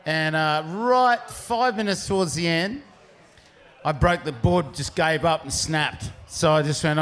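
Man, slightly high voice, rambling storyteller, casual surf yarn. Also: measured pace, fairly bright tone. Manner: rambling, restarts often, laughs through punchlines. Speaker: pro surfer telling a story.

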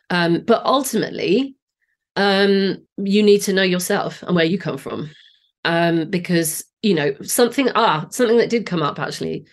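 A woman in her late forties with a Southeast English accent, a singing teacher guest explaining her ideas with enthusiasm and frequent restarts. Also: on the low side. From Southeast England. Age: 40s. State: voice a bit off today. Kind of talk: podcast interview.

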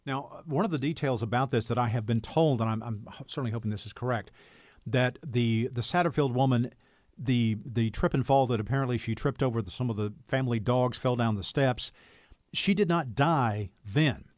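A man with a Southern US accent co-hosting a talk show, speaking in a measured, hesitant way. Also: mid-range voice, dry recording, clean studio sound. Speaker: radio co-host. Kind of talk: casual talk radio chat.

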